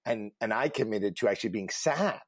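A low-pitched man speaks earnestly as a career coach on a casual panel show. He grows emphatic and animated when he tells stories. The sound is dry and close, with no room around it. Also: a little fast, husky, dry recording.

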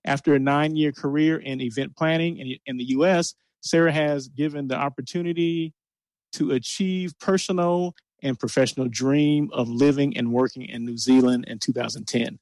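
A man's voice: medium pitch, moderate pace, no room sound. A man hosting an interview show, reading a guest introduction aloud with stumbles and restarts, then chatting eagerly. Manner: reads intro with stumbles, animated. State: out of breath after the intro. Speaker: host. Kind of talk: casual interview.

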